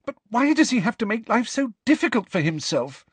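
A man reading aloud and voicing an earnest, quick-tempered teenage girl in a higher, emphatic voice. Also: big pitch swings, slightly rough, no room sound. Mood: upset, exasperated. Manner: emphatic, pleading, higher pitched. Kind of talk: audiobook character voice.

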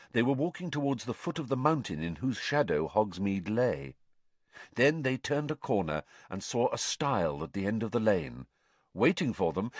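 Expressive male audiobook narrator. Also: fairly low pitch, dry recording. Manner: measured, expressive storytelling.

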